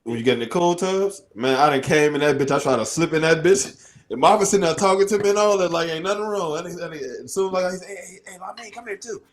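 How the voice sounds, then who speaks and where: A man on a casual podcast, telling a story in an excitable way between bursts of laughter. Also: a little high, fast talker.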